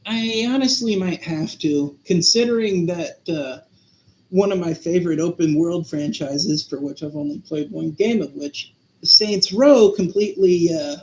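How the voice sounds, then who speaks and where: Man with a high voice, echoey room. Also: measured pace, a little mellow. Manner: thoughtful, rambling with many fillers. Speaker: podcast co-host. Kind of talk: casual chat.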